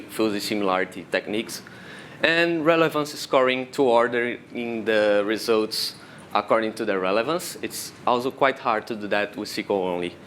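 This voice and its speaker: Speaking in a conference room, this Brazilian conference presenter has a lowish voice and a Brazilian accent, with Portuguese as his first language. He walks through the technical steps one at a time in an explanatory way, over a faint hiss or hum.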